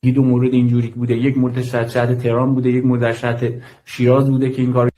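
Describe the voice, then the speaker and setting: Mellow-voiced man giving fast testimony. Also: medium pitch, monotone. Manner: measured, formal, with fillers. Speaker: guest, aid worker. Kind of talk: interview testimony.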